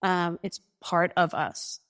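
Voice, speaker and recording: A middle-aged woman telling her story as a guest, acting out what others said in a lively way. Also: fairly low pitch, takes it slowly. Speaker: guest, author. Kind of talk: storytelling in conversation.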